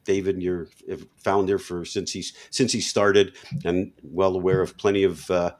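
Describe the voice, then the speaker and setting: A man co-hosting a business talk show, thinking aloud with a rambling, halting manner. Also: low-pitched, little pitch movement. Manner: thoughtful, rambling with fillers. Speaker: co-host. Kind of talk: casual video podcast talk.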